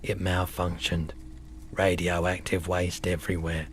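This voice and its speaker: A man's voice: deep voice, level tone, a little slow, a little hiss or hum. An actor playing a weary, bitter male pawnbroker in a video game, telling a grim story in a somber, resigned way.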